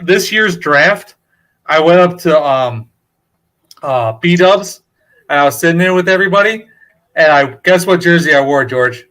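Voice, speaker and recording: An excitable man with a high voice chats on a podcast. He tells his stories with animated energy. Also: a little slow. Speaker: podcast co-host. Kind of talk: casual chat.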